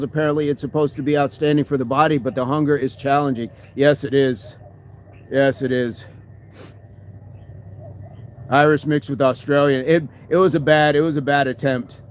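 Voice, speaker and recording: A man's voice: fairly high pitch, a little hiss or hum. A man hosting a fitness livestream, chatting casually and answering viewer comments, often agreeing with "absolutely".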